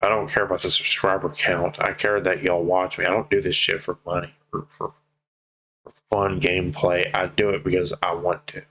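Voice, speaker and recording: A man's voice: low-pitched, flat delivery, normal speed, pushed and bright, slight background noise. A young man speaking to his viewers in a personal vlog update, emotional, heartfelt and casual, with some swearing. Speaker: vlogger.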